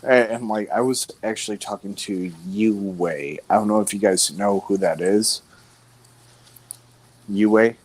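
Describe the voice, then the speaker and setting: A man's voice: fairly low pitch, unhurried, a little mellow. A man co-hosting a casual podcast, taunting and provoking the others with profane jabs. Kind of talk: rowdy casual banter.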